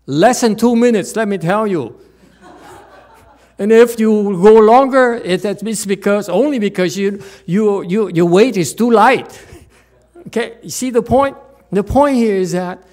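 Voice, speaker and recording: A man as a Buddhist teacher giving a dharma talk, rhetorical and animated, with many fillers and restarts. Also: high voice, unhurried.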